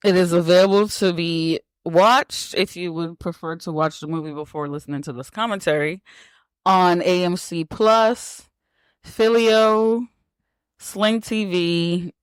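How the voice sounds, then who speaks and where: A woman's voice: on the low side, clean tone, no echo. A woman hosting a casual podcast, teasing her co-host and laughing often. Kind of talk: casual chat.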